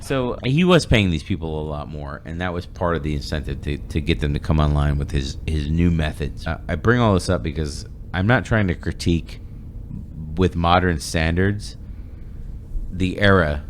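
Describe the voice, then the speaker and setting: A man's voice: extremely low pitch, normal speed, a little hiss or hum. A man hosting a podcast in casual discussion, rambling with many fillers and restarts. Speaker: podcast host.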